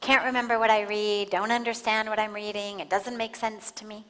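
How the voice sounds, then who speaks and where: A woman giving a spiritual talk, calm and measured, pausing for emphasis as she tells a story. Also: medium pitch. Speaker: spiritual teacher. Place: large satsang hall. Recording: long hall reverb.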